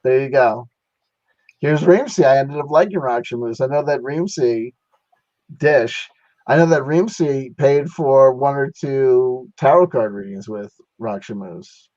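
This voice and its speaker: A man's voice: mid-range voice, a little slow, darkish tone, no room sound, muffled recording. A man hosting a casual livestream chat, rambling and laughing, with a sentimental sign-off. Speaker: livestream host.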